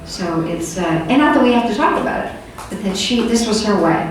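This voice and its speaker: Speaking fairly quickly in an expressive mid-range voice, an older woman tells stories during a conference talk, rambling conversationally with plenty of fillers. The echoey hall is captured from far off, with faint room noise.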